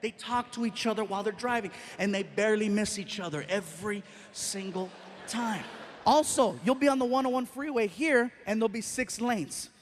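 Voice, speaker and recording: On a live stage, a man performs a stand-up comedy routine at a moderate pace, his voice high. He's animated, acting out scenes complete with sound effects.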